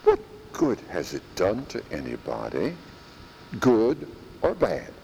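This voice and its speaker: A man preaching a sermon in a church, slow and emphatic, repeating phrases for stress. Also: on the low side, wildly swooping pitch, gravelly, dark tone, long reverb tail, a little hiss or hum, rough recording.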